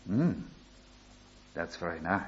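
A man voicing a kind, gentle male master who speaks calmly and asks questions gently. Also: low voice, slow pace, lo-fi sound, pitched below the performer's own voice, full character voice. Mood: kindly.

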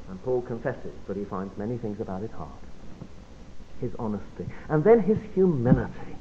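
A man preaching a Bible study sermon, emphatic and expressive, often dropping to a quiet, low voice for emphasis. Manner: expressive, emphatic delivery with sudden drops to quiet. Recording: phone-like narrow band.

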